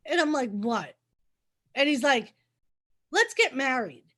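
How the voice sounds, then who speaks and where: A woman's voice: high-pitched, animated, takes it slowly, bright, forceful tone. A woman chatting casually on a livestream, laughing often and acting out quoted lines as she tells a story.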